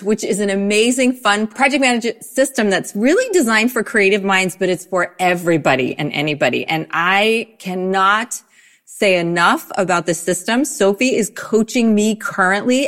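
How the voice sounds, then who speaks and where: A woman's voice: medium pitch, fairly bright tone. Female podcast co-host, effusive and gushing, laughs a lot. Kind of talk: enthusiastic guest introduction.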